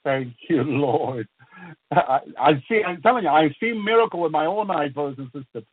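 A US-based male minister gives a fervent preaching testimony, often breaking off to praise God and frequently restarting. His voice is a little high and slightly rough, with lively intonation and normal speed. There's no room sound, and the audio has a thin phone-line radio broadcast quality.

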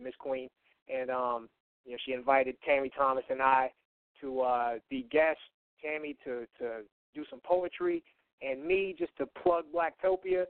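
A man's voice: sits high, gravelly, dry recording. A man co-hosting a talk radio show, rambling through plugs with lots of fillers, chuckles and restarts. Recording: tinny phone-line sound.

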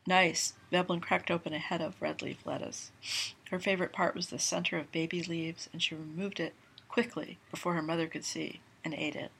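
A woman reads a novel aloud in steady, even narration. Her voice sits low, with a gravelly, husky texture. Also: fairly quick. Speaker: reader.

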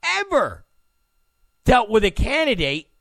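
Guy doing a slow mocking political rant, raspy gravelly voice, bouncy pitch. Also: wildly swooping pitch, fairly bright tone, no echo, studio quality. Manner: mocking, acts out quoted people in put-on voices. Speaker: political commentator. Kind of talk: opinion monologue.

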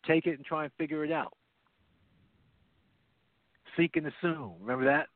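A man's voice: a little high, normal speed, no room sound. A man co-hosting a recovery talk show, explaining in an earnest way with many repeated phrases, heard over a phone line. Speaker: podcast co-host. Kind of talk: casual radio show talk. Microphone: phone line, not his headset.

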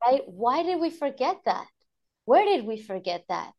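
A woman's voice: high voice, sing-song, normal speed, muffled recording. A woman guest on a podcast, talking reflectively and emotionally about teaching mindfulness to children, laughing often. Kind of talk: conversational interview.

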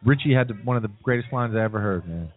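A man speaks fast as a guest on a pub talk show, getting heated as he tells his stories. His voice is mid-pitched and comes through a narrow, tinny radio feed. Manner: rapid, heated storyteller. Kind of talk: casual bar radio chat. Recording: tinny phone-like radio broadcast.

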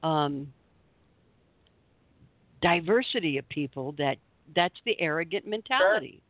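Woman co-host, animated storyteller, narrow phone-like sound. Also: sits low, unhurried, no room sound. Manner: animated storyteller acting out quotes. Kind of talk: casual radio chat.

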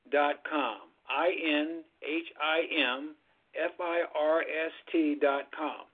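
Plain-spoken male guest, slightly raised pitch, phone audio. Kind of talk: sign-off on a talk show. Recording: tinny phone line.

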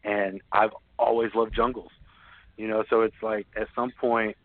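A man chats as a podcast guest, telling lively stories with plenty of laughs and casual swearing. His voice comes through a thin, phone-like line that sounds dry and close, with no room echo. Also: fairly low pitch, moderate pace. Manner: animated, laughing storyteller who swears freely. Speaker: podcast guest, snake keeper. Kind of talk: casual storytelling chat.

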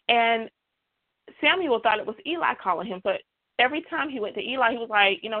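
A woman's voice: on the high side, fairly quick. A woman preaching a sermon, emphatic, with repeated refrains. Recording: tinny phone-like dry sound.

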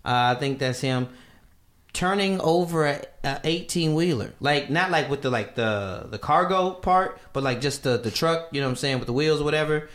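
A man's voice: a little high, animated, normal speed, fairly bright tone. A man in his thirties with a slightly raised voice, loose and slangy as he rambles through topics. His delivery stays easygoing and chatty. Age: 30s. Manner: laid-back, slangy, rambling. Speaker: podcast co-host. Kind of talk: casual comedic chat.

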